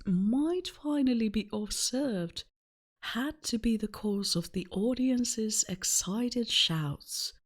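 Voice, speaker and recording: Woman doing a vintage newsreader. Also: mid-range voice. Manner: formal, declamatory reading.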